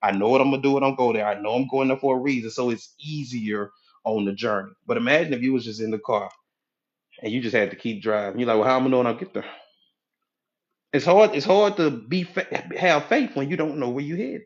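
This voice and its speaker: Speaking fast in a medium-pitched voice, this hypnotherapy coach delivers a folksy, sermon-like motivational talk in a live audio room and hammers his points home by repeating them. The recording has its highs cut off.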